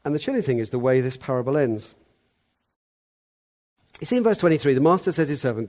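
Guy preaching, casual chatty sermon, ordinary pitch, gets loud acting stuff out. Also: big pitch swings, quick pace, pauses often. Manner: conversational, acts out the servant's calls loudly.

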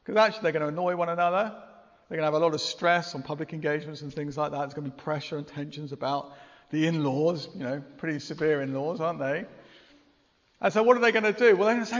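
A man's voice: a little high, quick pace. A man preaching a sermon in a church, earnest and conversational, often asking rhetorical questions. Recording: long reverb, dull lo-fi sound.

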